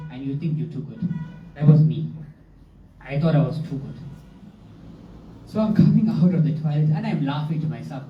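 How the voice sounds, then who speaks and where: A man's voice: a little high, a little hiss or hum. Laughing man telling a story in a hall. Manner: laughs often, self-mocking. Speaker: devotee sharing a testimony. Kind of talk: humorous personal storytelling. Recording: roomy, distant, dull hall recording.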